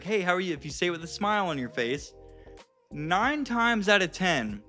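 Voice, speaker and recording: A man's voice: high voice, fairly bright tone. A man of thirty giving casual coaching advice to viewers, chatty and profane, calling them guys and dude. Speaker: dating and confidence coach.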